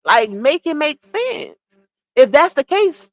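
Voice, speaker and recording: Woman with a high voice going off on a livestream, blunt and scolding, dry close sound. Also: big pitch swings, slow, dry recording. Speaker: livestream commentator. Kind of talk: casual gossip commentary.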